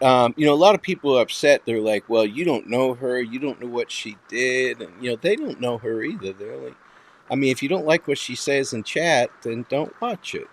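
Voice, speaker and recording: Blunt, profane Boston man hosting. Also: mid-range voice. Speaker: host. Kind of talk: casual online show chat.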